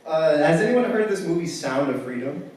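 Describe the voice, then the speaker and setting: Young man with a wry stand-up delivery in a booming hall. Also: expressive, a little fast, a little mellow. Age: young adult. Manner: casual, wry storytelling with filler "like". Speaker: stand-up comedian. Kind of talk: stand-up comedy set. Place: campus theater stage before a live audience. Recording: very echoey hall from far off.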